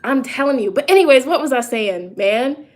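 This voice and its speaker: A woman with a somewhat high voice, speaking in a loose, casual vlog monologue. She talks straight to her viewers, pressing her points with rhetorical questions and backing up to restart her sentences. She sounds emphatic and conversational throughout. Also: lively intonation, moderate pace. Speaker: tarot reader and psychic.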